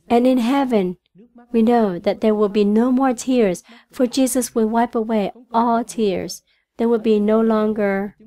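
Interpreting a church sermon, this Vietnamese-speaking woman sounds earnest yet hesitant, restarting frequently. Her voice is a little high with a dark tone.

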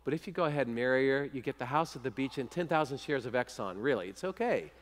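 A man's voice: mid-range voice, animated, fast, slight background noise, voice pushed down, close to an everyday voice. A preacher doing a coaxing father of the bride. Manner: coaxing, persuasive. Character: wheedling father of the bride, middle-aged man.

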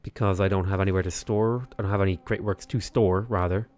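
Low-voiced Irish man, rambling stream chat. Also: fairly even intonation, quick pace, darkish tone. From Ireland. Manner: rambling, many "like" fillers and restarts. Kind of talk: casual livestream commentary.

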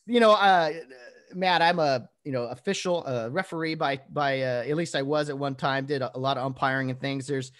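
A man's voice: medium pitch, fairly quick, fairly bright tone. A man hosting a podcast, talking casually with lots of fillers as he sets up his guest's story. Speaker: podcast host. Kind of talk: casual chat.

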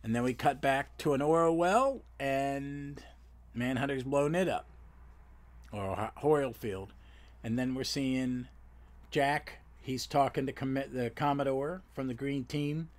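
A man at mid pitch talks through a comic issue alone. He rambles, stops to correct himself, and keeps the plot summary loose and casual. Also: measured pace. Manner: rambling, with self-corrections and fillers. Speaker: podcast host. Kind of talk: solo comic book recap.

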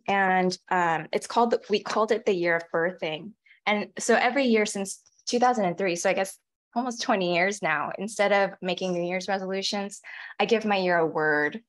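Woman in her forties reading poems aloud. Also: medium pitch. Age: 40s. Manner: measured, deliberate delivery of poems; quick, halting chat between them. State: tearful, voice catching. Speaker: featured poet. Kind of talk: poetry reading with spoken asides.

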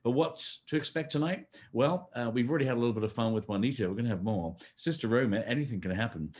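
A man's voice: mid-range voice, fast talker, a little mellow. A man hosting a live-streamed fundraising gala, friendly and chatty, talking the audience through donations with frequent fillers. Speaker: host.

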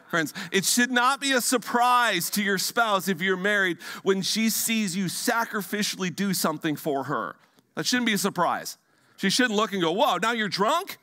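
A male pastor preaching a sermon in a church, animated and emphatic at times, then dropping to hushed, quiet tones. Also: sits high. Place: church sanctuary.

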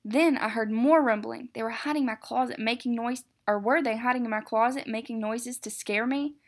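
A woman teacher reading a picture book aloud, expressive, with occasional self-corrections. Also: a little high, a little fast.

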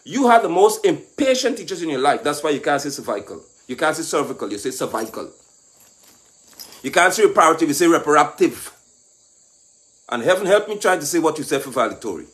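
A man delivers a scolding political monologue in a high, very lively voice. He mocks and lectures, pushing up into shouts. Faint insect noise sits behind him. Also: fast talker, hardly any pauses. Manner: mocking, lecturing, rising to shouts. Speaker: political commentator.

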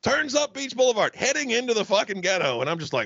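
A man co-hosting a comedy podcast, swearing freely as he tells wild stories. His voice is gravelly and sits a bit high, and it leaps around in pitch. The recording is dry and slightly dull. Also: fast talker, no room sound. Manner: profane, animated storytelling with sudden loud put-on voices. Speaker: podcast co-host. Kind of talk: crude comedic podcast banter.

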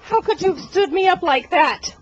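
A woman voicing a lovesick female dog that pleads in a high, animated voice. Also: normal speed, muffled recording, slight background noise.

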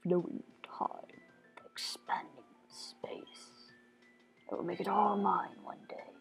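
A woman voicing a scheming male villain in a cold, grandiose, hushed whisper, as whispered role-play. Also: mid-range voice, little pitch movement, slow pace, gravelly, soft background music. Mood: menacing.

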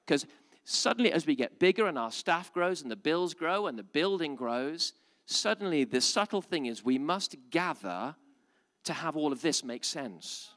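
A man preaching a live sermon to a church audience. He moves between joking asides, quiet reasoning and loud, emphatic calls. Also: on the high side. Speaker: pastor.

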